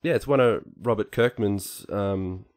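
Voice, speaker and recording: A man co-hosting a podcast, explaining things casually in a halting way with many fillers. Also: lowish voice, a little mellow. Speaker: podcast co-host, artist.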